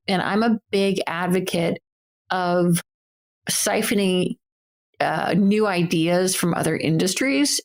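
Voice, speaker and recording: A woman in her forties co-hosting a podcast, chatty and easygoing, thinking out loud in a casual conversation. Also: on the low side, vocal fry. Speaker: podcast co-host, business owner.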